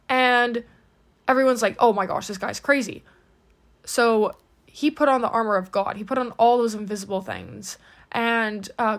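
A woman giving a casual, earnest devotional talk as host, full of "like" and "um" fillers. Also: fairly high pitch. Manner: earnest, encouraging.

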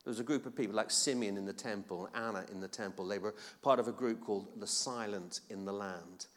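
A man's voice: fairly low pitch, fairly quick. A man preaching a sermon in a casual, conversational way with playful asides. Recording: long reverb of a hall.

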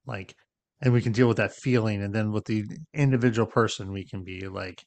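Low smooth guy on a podcast, explains stuff, keeps saying right?, dry close sound. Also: steady tone, fairly quick, dry recording. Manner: explanatory, checks in with frequent "right?". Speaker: podcast co-host. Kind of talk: casual conversation.

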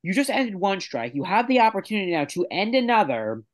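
A man's voice: sits high, big pitch swings, fairly quick. A man co-hosting a casual podcast, ranting in an exasperated way. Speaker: podcast co-host.

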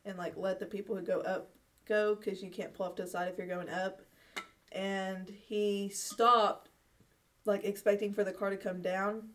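A woman's voice: medium pitch, little pitch movement, moderate pace, fairly bright tone. A young woman tells a long, rambling story in a casual chat, with plenty of fillers and bursts of laughter. She sits a little back from the microphone, so her voice sounds slightly distant. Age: young adult. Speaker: guest.

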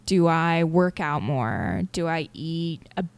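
A young woman hosting a personal solo podcast, talking candidly and haltingly with many fillers and restarts. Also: deep voice, expressive, vocal fry. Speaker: podcast host.

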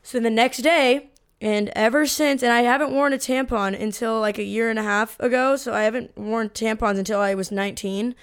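Animated, foul-mouthed young woman storyteller. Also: fairly high pitch, moderate pace, clear, resonant tone. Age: 20s. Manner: animated, swears a lot, acts out quotes. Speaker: podcast co-host. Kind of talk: casual storytelling.

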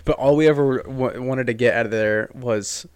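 A man's voice: medium pitch, moderate pace, smooth, dry recording. A man co-hosting a podcast at home, chatting casually and rambling with fillers and restarts. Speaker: podcast co-host. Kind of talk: casual chat.

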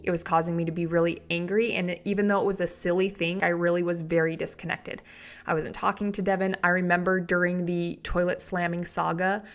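A woman in her thirties talks alone into the mic as a marriage coach. She is chatty and animated, and her voice jumps high when she acts out what people thought or said. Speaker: marriage coach and podcast host. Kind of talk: solo podcast talk.

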